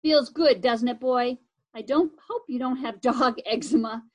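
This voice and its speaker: A woman voicing a slangy, excitable red-headed boy from a storybook who loves his scooter. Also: on the high side, unhurried. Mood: excited. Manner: slangy and excitable, says "radical".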